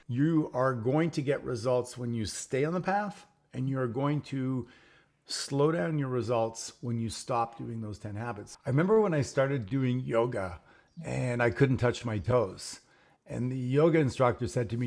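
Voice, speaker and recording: A man with a gravelly voice at an ordinary pitch, talking casually as a program host. He tells stories and acts out the lines of the people in them. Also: moderate pace, darkish tone. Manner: storytelling, acts out quoted exchanges. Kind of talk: casual conversational chat.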